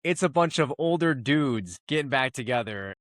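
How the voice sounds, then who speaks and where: Excitable male podcast co-host. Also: mid-range voice, moderate pace, no room sound, studio quality. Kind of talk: casual book-review chat.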